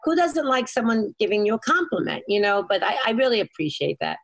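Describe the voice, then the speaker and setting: A woman's voice: a little high, fairly quick. A middle-aged woman, a guest, chatting casually and telling rambling stories, often stopping and restarting her sentences. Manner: rambling, self-interrupting, animated storyteller. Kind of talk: casual chat.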